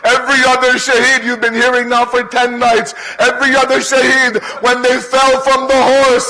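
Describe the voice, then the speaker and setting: High, gravelly impassioned preacher man. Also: completely flat delivery, normal speed, hardly any pauses, low-quality recording. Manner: impassioned, rising to cries. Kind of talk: mourning sermon narration. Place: gathering hall.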